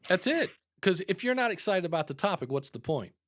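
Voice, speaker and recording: Animated male podcast host, dry sound. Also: high-pitched, a little fast, no room sound. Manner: animated, mimics voices in quotes. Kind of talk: casual podcast chat.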